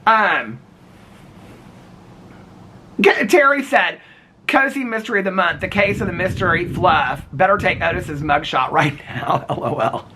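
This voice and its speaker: A man in a casual vlog, bouncing all over his range with a bright, forward voice. He is giggly and gossipy, teasing viewers by name and calling them honey. A faint background hum sits behind him. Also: high-pitched, expressive, unhurried, long pauses. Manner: gossipy, calls people honey and sweetheart. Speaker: vlogger. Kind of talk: casual chatty vlog, reading viewer comments.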